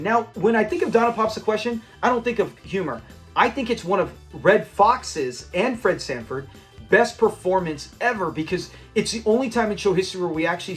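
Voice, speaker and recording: A man with a high voice talks casually and eagerly as a channel host, looping back on himself and restarting sentences as he goes. Faint music plays softly behind him. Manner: enthusiastic and rambling, with frequent restarts and quoted lines. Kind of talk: casual fan commentary on a classic sitcom.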